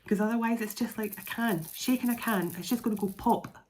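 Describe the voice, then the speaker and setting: A woman's voice: a little high, fairly quick, a little mellow, a little hiss or hum. A middle-aged woman giving a casual, rambling spoken tarot reading. She laughs often and restarts her phrases. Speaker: tarot reader.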